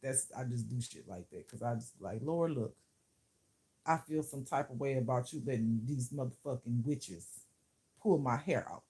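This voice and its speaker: A woman's voice: rumbling low, moderate pace, mellow. A woman who teaches spirituality, talking to camera in a casual vlog, blunt and profane, often laughing.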